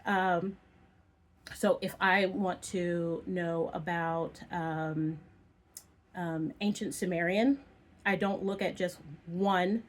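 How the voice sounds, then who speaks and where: A woman's voice: on the low side, steady tone, slow pace. A young woman talking casually to camera in a thoughtful, rambling way, with many ums and restarts. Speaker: video essayist.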